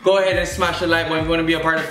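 A man's voice: on the high side, flat delivery, very fast, sharp tone, echoey room, faint music behind. Young Jamaican man hosting casual reaction chat. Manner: playful, uses Jamaican slang like "big up". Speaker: co-host reacting to clips.

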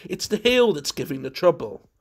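A man voicing a panicked gentleman who speaks loudly, rapidly and frantically as he tears at a dead man's shoes. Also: a little high, very animated, vocal fry, breathy edge, pitched above the performer's own voice, exaggerated voice. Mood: frantic.

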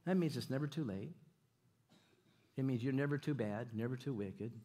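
A man preaching in a church at a middle pitch, trading jokes and stories with his congregation. He talks in an animated way, often doubling his phrases and throwing questions out to the room. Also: moderate pace. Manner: animated, jokey, repeats himself, audience call-outs. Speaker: guest preacher. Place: church sanctuary.

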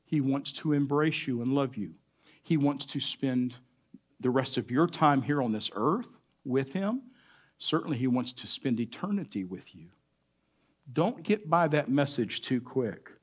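A man giving a sermon as a church pastor, earnest, with deliberate pauses and shifting loudness for emphasis. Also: mid-range voice, big pitch swings, husky.

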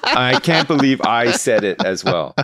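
A man's voice: medium pitch, very animated, a little slow, a loud crowd. A man with children co-hosting a podcast, telling a story in a rambling, hesitant way full of fillers. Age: adult with children. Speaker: podcast co-host. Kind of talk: casual podcast chat.

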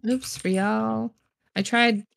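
A woman's voice: fairly high pitch, steady tone, very slow, creaky. A woman co-hosting a livestream, thinking aloud and trying word guesses while solving a crossword. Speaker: streamer co-host.

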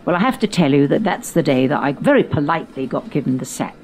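Older woman telling lively anecdotes. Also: low-pitched, quick pace, slight background noise. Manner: animated storyteller, theatrical quoted voices, frequent laughs. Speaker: podcast host recalling her youth. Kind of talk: reminiscing conversation.

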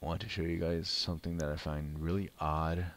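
A man with a very deep, low voice gives casual play-by-play of a mobile card game. He grumbles and complains about his luck as he plays, in an easygoing, off-the-cuff way. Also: flat delivery, brisk. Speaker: gaming channel host.

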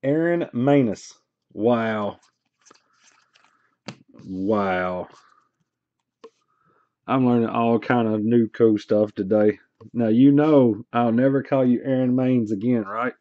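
A man's voice: fairly low pitch, steady tone, takes it slowly, pauses often, no room sound. Joking man hosting a stream. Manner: joking, teasing storyteller. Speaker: card break host. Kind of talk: casual livestream chat. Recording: dull, slightly noisy stream audio.

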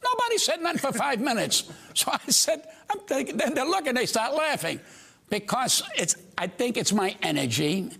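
A man's voice: very high voice, very animated, normal speed, creaky, fairly bright tone, slightly rough. An older man, a comedian guest telling brash stories on a talk show and acting out the other people's voices. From United States.

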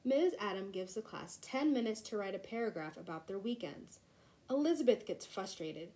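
A woman reads a children's storybook aloud, gentle and expressive. Her mid-range voice moves at a normal speed, though the audio quality is poor.

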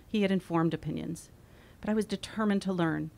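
A woman in her forties reading her own memoir aloud, wry and expressive. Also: on the low side, fairly quick, creaky. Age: 40s. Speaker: author.

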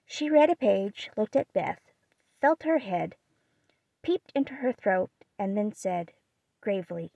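A woman narrating a classic novel as an audiobook, with a steady, expressive reading. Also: medium pitch, measured pace, gravelly, dry recording, lo-fi sound. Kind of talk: scripted narration.

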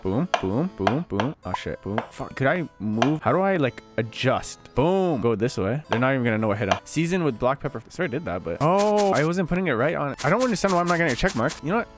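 A man's voice: medium pitch, expressive, fast, few pauses. A man giving casual, frantic gameplay commentary, talking to himself and swearing at his mistakes. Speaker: gaming video creator. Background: game music.

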